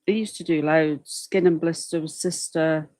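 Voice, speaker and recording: A woman's voice: deep voice, fairly even intonation, measured pace, a little mellow, low-quality recording. A woman hosting a livestream, chatting casually in a rambling way with apologetic asides. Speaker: livestream host commenting on a trial. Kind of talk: casual chat.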